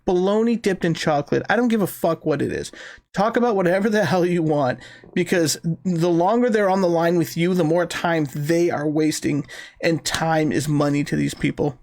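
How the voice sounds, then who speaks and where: A man co-hosting a casual gaming podcast, telling a prank-call story in an animated, profane way and acting out both sides of the conversation. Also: a little high, moderate pace, gravelly. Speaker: podcast co-host.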